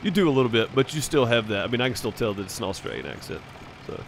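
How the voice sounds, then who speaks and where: A man's voice: mid-range voice, big pitch swings, racing, vocal fry, slight background noise. A man telling rambling stories in casual chat while streaming a farming game. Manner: rambling, chatty, fillers and restarts. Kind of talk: casual storytelling over voice chat.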